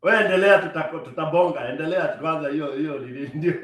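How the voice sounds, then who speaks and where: A man's voice: a little high, fast, fairly bright tone. A man with a Kenyan accent co-hosting a live stream in loose, casual chat, laughing easily. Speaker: stream co-host. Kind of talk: casual chat mixing Swahili and English. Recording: echoey, distant from mic.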